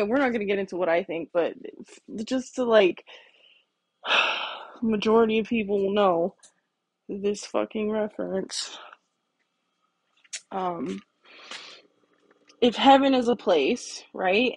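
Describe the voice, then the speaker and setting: A woman's voice: mid-range voice, slow pace, long pauses, dry recording. A woman hosting a podcast, talking casually and bluntly on her own in a garage, swearing heavily as she rants. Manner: blunt, heavily profane, ranting. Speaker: podcast host. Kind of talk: casual solo monologue.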